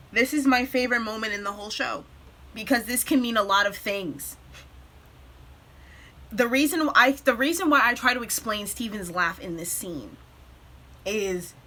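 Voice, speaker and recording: A woman recapping a cartoon episode in a casual vlog, tearful and emotional, pausing to collect herself between quick excited bursts. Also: fairly high pitch. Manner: tearful, breaks off to compose herself; animated retelling with quick bursts. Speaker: vlogger.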